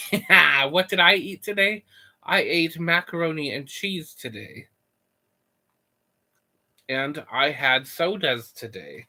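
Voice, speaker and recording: A young man live-streaming in a loose, rambling way, joking with his chat. His voice sits a touch high and sounds bright and forward. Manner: goofy, rambling, reads chat and jokes.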